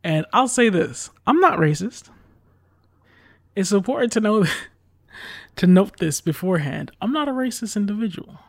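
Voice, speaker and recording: A man with a slightly high, gravelly voice tells a long, rambling story in casual chat. He leans on "like" and "uh", swears now and then, and sounds exasperated. The sound is close and dry. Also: expressive, normal speed, long pauses, no echo. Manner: rambling, filler-heavy, exasperated retelling with swearing.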